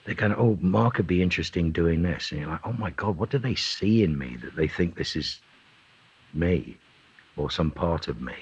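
A man from England, a guest actor in an interview, talking conversationally and telling animated stories. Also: deep voice, moderate pace, husky. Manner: animated storyteller, voices other people in anecdotes.

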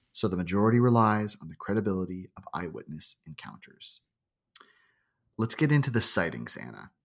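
A man co-hosting a podcast, joking casually and reading spooky accounts aloud. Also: breathy edge. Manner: joking, reads quotes in a low rustic voice. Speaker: podcast co-host.

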